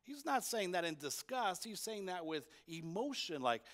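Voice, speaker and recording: A man with a notably high voice preaches a sermon in church. He is emphatic, restating his main points and tossing rhetorical questions to his listeners. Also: big pitch swings, moderate pace, fairly bright tone. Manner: emphatic, repeats key points for effect; asks the congregation rhetorical questions. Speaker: pastor.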